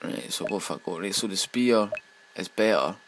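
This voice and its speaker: Sweary Scottish man, low voice. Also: normal speed, a little hiss or hum, rough recording. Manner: sweary, excitable running commentary. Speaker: let's play gamer. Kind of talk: let's play commentary.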